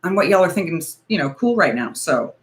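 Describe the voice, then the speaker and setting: A woman hosting her first livestream, bubbly, excitable and chatty as she greets viewers. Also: fairly low pitch, fairly quick. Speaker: livestream host. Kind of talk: casual livestream chat.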